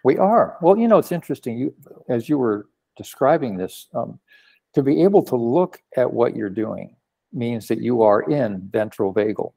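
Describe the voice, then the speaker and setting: A man who is a psychotherapist, explaining ideas in a calm, affirming way during a casual conversation. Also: mid-range voice, moderate pace, gravelly, husky.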